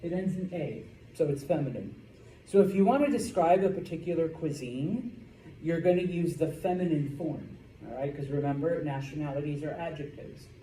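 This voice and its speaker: A man whose voice is on the high side with a dark tone explains Spanish grammar at a moderate pace in a classroom lecture. He keeps asking "okay?" after every point, and the recording carries the room's spaciousness and faint background noise.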